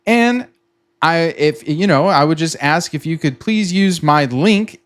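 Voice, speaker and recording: Casual male creator, middle-aged, voice sits on the high side, chatty and repetitive, dramatizes his own freak-outs. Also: lively intonation, measured pace. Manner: chatty, repeats himself, acts out his own panicked reactions. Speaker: trading content creator. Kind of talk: casual explainer with sponsor pitch.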